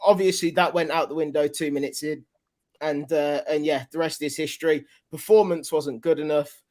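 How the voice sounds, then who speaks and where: A man's voice: a little high, steady tone, moderate pace, a little mellow. A man on a football podcast candidly explaining his team's struggles. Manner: candid, frustrated. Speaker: podcast panelist. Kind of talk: casual football podcast chat.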